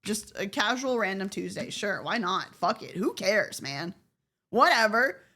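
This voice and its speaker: A woman's voice: medium pitch, expressive, a little slow, sharp tone. A woman from the Southern United States, speaking with a general American accent, chats casually and profanely with her viewers on a live stream, laughing often. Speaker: VTuber streamer.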